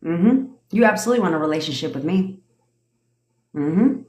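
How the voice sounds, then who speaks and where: A woman's voice: on the low side, expressive, moderate pace, a little mellow. A woman in her thirties, a manifestation coach ranting and answering questions on a casual livestream, blunt and profane, laughing often. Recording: echoey room.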